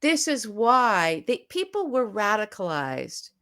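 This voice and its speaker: A woman co-hosting a political podcast, talking emphatically and fast and retelling scenes vividly as she makes her case. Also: mid-range voice, very animated, fairly bright tone. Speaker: podcast co-host. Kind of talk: animated political podcast talk.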